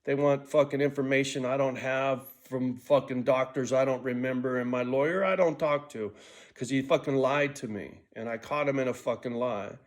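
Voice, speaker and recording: A man's voice: mid-range voice, fairly even intonation, normal speed. 60-year-old male vlogger, foul-mouthed, scattered, stumbles and restarts, mid-range voice. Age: 60s. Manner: profane, rambling, jumps between thoughts; restless, frequent restarts and stumbles. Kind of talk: rambling casual monologue.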